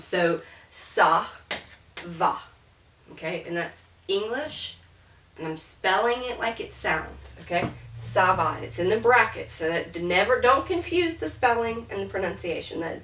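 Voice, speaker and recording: A woman's voice: medium pitch, fairly bright tone, far from the mic, slight background noise. Woman teaching French in an echoey room. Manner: chatty, repeats words to model pronunciation. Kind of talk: classroom lecture.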